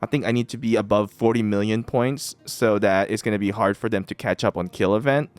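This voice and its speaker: A man's voice: fairly low pitch, fairly even intonation, fairly quick, clear, resonant tone, dry recording. A man hosting a gaming channel, chatting casually as he plays and often breaking into laughter while repeating himself. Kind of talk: casual game commentary.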